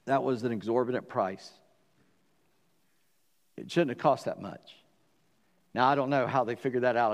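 Male Southern preacher, slightly high voice, animated storyteller who acts out the dialogue, church hall reverb. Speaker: pastor. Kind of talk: sermon.

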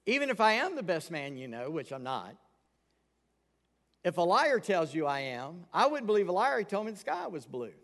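A man's voice: high voice, fairly bright tone. A man preaching a sermon from the pulpit, candid and emphatic. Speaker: pastor. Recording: long hall reverb.

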